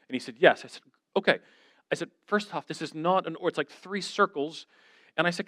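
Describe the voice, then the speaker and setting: A man giving a church talk, telling stories in an animated, self-deprecating way and acting out the conversations. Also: a little high, fast, no room sound, clean studio sound. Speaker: guest speaker.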